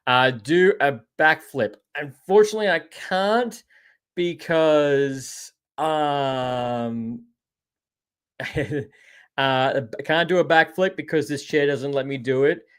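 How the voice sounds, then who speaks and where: A man's voice: a little high, slow pace, clean tone. An Australian man hosting a live podcast, rambling casually about shows and games and answering viewer comments, often calling people mate. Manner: rambling, chatty, says "mate" a lot. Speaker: podcast host.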